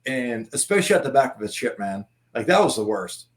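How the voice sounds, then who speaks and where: A man's voice: medium pitch, brisk. A man telling war stories in casual chat, laughing often and swearing freely. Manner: laughing, profane, animated anecdotes. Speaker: former Marine guest.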